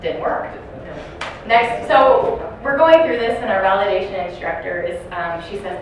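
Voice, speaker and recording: A woman's voice: medium pitch, animated, normal speed. A woman giving a training talk to caregivers, telling stories and putting questions to the audience in a large room. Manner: storytelling, asks the audience questions. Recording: echoey room from far off, noisy.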